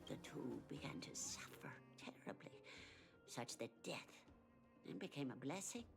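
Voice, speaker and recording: A gravelly, hushed old woman. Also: a bass voice, animated, a little slow, whispered, over music, exaggerated voice. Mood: sorrowful. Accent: foreign-sounding. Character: old woman, gentle, sorrowful.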